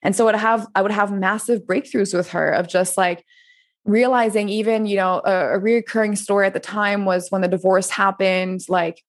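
A woman's voice: mid-range voice, fairly even intonation, moderate pace. A woman in her thirties from France, a podcast guest telling her story in a candid, chatty way, filling her talk with "like" and swearing freely. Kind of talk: casual interview storytelling.

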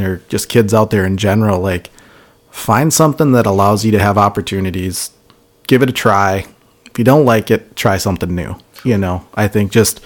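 Earnest low-voiced male podcast host. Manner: earnest, encouraging, thanks listeners. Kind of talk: casual chat.

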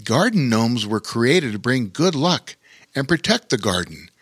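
A man voicing a gentle, kindly male bear in a children's story, calm and reassuring. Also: mid-range voice, measured pace, breathy edge, dry recording, clean studio sound, heavily acted.

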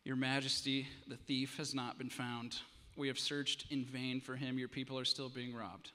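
Man doing a quiet, timid storybook servant bringing bad news; his soft voice echoes long through the hall. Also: mid-range voice, flat delivery, normal speed, close to an everyday voice. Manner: quiet, hesitant reports. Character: timid, fearful royal servant.

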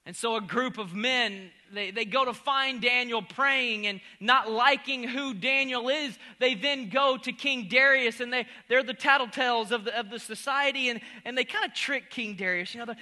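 A pastor preaching a humorous sermon, swinging from loud exclamations to near-whispers. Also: male voice, very high voice, normal speed, few pauses.

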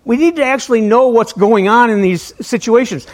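A man's voice: very high-pitched, normal speed. A male pastor giving a casual, conversational sermon to a small church, often stumbling on and repeating his words. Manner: conversational, self-deprecating, repeats words when starting sentences.

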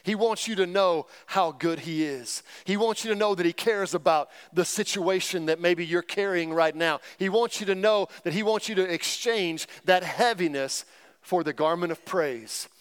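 A man's voice: high voice, normal speed, clear, resonant tone. A man preaching a sermon with energy, calling out to the congregation and telling folksy, humorous stories. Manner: energetic, call-and-response with the congregation. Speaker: pastor.

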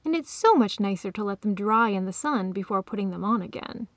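A woman's voice: medium pitch, expressive, brisk, no echo, lightly acted. A woman voicing a small, stubborn female cat in a storybook reading, speaking in a matter-of-fact way. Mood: casual. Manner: matter-of-fact, plain-spoken.

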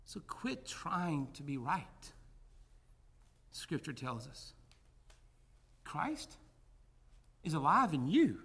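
A male pastor preaching a sermon in a bright, fairly high voice. He tells a story with mounting drama, then slows down and grows hushed and deliberate as he reflects. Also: sing-song, slightly rough. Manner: dramatic storytelling that swells loud, then drops to a hushed, slow close.

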